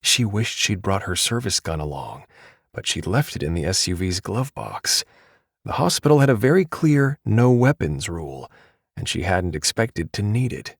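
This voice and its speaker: A man narrating an audiobook with a steady, measured delivery. His voice sits low, and the studio sound is close and dry. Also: dry recording.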